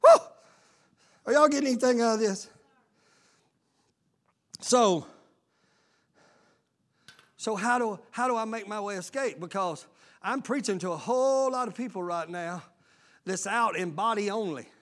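A man, preaching a sermon as lead pastor, calling out to his congregation and breaking into shouts. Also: sits high, unhurried, long pauses.

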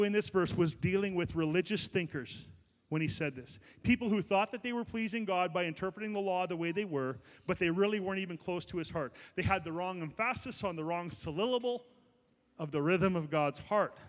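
A man preaching a sermon as pastor, building to loud, fervent exhortation. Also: high-pitched, big-room sound.

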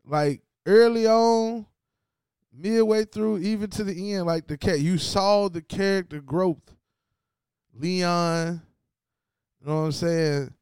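A man's voice: high voice, takes it slowly, long pauses, smooth, dry recording, studio quality. A man hosting his own show, giving a loose, slangy recap of a TV finale and talking straight to viewers. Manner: loose, slangy and animated, talks to viewers directly. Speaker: show host. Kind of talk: casual TV recap commentary.

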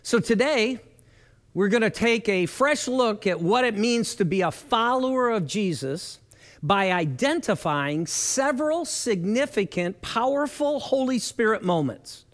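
A middle-aged man preaching a sermon as a pastor, telling stories earnestly with lively rises and falls. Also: measured pace. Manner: earnest storytelling with lively shifts in pitch.

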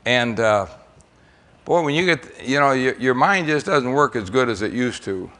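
This is church storytelling from an older man from the United States, who recounts missionary experiences in a loose, folksy way, often using fillers and repeating words. He sounds animated, with a mid-range, fairly bright voice at normal speed.

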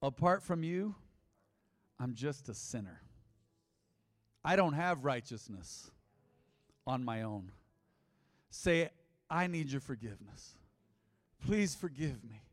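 A man's voice: mid-range voice, expressive, slow pace, pauses often. Emphatic preaching man in a reverberant hall. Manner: emphatic preaching, repeats lines, swings loud and soft. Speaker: pastor. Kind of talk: sermon. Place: large church hall.

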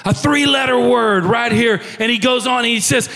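High-voiced preacher in a reverberant hall. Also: male voice, moderate pace. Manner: swings from soft near-whispers to shouted emphasis. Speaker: pastor. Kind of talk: sermon.

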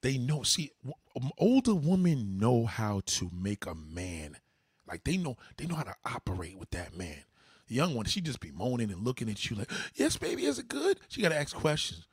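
A man hosting a livestream in a casual, profanity-laced chat. His husky voice swings widely in pitch as he tells animated stories. The sound is dry and close. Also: moderate pace, no room sound. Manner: loud, profane, animated storytelling. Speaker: livestream host.

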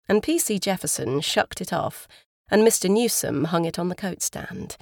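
A woman narrating an audiobook in a calm, even storytelling manner, on a close studio mic. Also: on the low side, normal speed, gravelly, no echo. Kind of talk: scripted narration.

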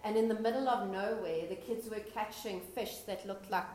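A woman's voice: medium pitch, moderate pace, darkish tone, a little hiss or hum. A woman sharing a prophetic word with her church, speaking hesitantly with restarts. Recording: echoey church hall.

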